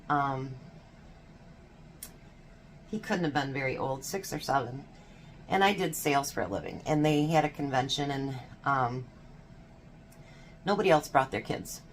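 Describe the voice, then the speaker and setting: A woman in her fifties chatting casually while baking in her kitchen, telling stories and laughing often. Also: low-pitched. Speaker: home baking vlogger.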